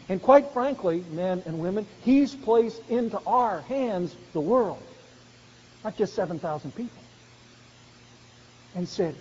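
High-voiced preacher in a reverberant hall. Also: male voice, warm tone. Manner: earnest, rising to emphatic exhortation. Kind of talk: sermon. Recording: dull sound with long hall reverb.

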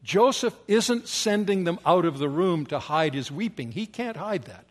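Male preacher with a slightly high voice, emphatic and repetitive, sometimes sinking to a hush. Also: expressive, normal speed. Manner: emphatic repetition, often dropping to soft, low tones. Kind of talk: sermon.

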